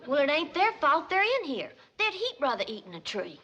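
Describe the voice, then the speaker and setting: A young actress playing a sweet, animal-loving hillbilly girl with a rural Southern accent and soft, innocent country talk, in a 1960s sitcom. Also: high-pitched, wildly swooping pitch, fairly quick, a little hiss or hum, heavily acted. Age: young adult. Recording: muffled 1960s TV soundtrack.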